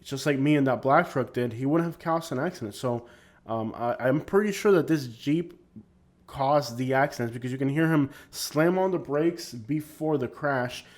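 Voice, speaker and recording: A man talks through his own vlog footage in a loose, unscripted way. He rambles and gives his opinions freely, and he often stops to restart a sentence. His voice sits at an ordinary, mid-range pitch for a man. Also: moderate pace. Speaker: vlogger. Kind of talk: casual vlog narration over driving footage.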